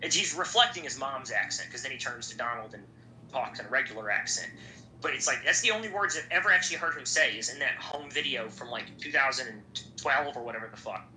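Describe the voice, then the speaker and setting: A man's voice: mid-range voice, lively intonation, fast, bright, forceful tone, faint music behind. A young man hosting a podcast, chatting casually in a rambling, profane way. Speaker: podcast host. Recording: echoey room, faint background noise.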